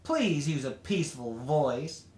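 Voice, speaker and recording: A worried but stubborn little girl, put on by a man reading aloud, earnest and a little pleading. Her voice sits up high and swings widely. The room adds a roomy echo. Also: big pitch swings, unhurried, darkish tone. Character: anxious stubborn young girl, picked-on little sister.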